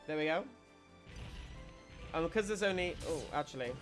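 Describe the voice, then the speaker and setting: A man's voice: fairly high pitch, lively intonation, moderate pace, a bit bright, soft background music. A man streaming a video game, giving casual commentary as he explains tactics, often restarting his sentences.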